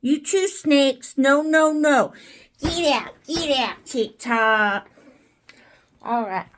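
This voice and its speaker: A woman playing with stuffed animals, talking in a slow, coaxing, babying sing-song manner. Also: high-pitched, fairly bright tone, a little hiss or hum. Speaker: caregiver playing with toys. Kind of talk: playful talk to an adult in her care.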